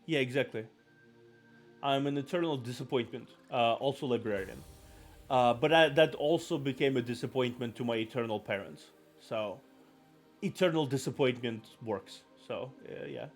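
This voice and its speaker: A man's voice: mid-range voice, normal speed, faint music behind. A man chatting casually on a live stream, rambling and self-deprecating, apologizing often.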